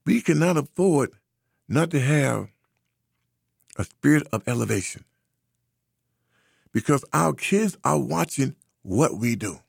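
A man from the United States delivering an impassioned commentary. His voice is gravelly and a little husky, and his pitch swings widely as he drives home his points with preachy, repeated phrases. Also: animated, slow pace, pauses often, no echo, studio quality. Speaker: social commentator.

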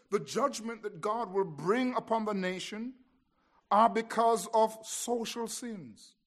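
A man preaching an expository sermon, telling the story with drama and swinging between hushed lines and emphatic ones. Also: sits high.

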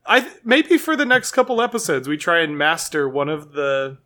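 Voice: mid-range voice, big pitch swings, moderate pace, pushed and bright. A podcast co-host steering a casual chat with friends in an easygoing way. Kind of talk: casual group banter.

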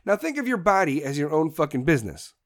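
A man's voice: on the high side, big pitch swings, fast. A man ranting in a combative, profane political monologue, addressing his audience directly. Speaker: political commentator.

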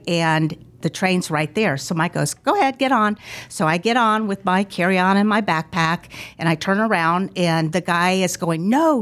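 A woman, a podcast guest, telling a travel story in a lively way and laughing as she goes. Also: lowish voice. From United States. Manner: animated, laughs through her story. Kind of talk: casual storytelling.

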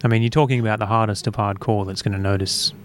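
A man's voice: lowish voice, fairly even intonation, fast talker, slight background noise. A man in a casual podcast chat, matter-of-fact and short with his interjections.

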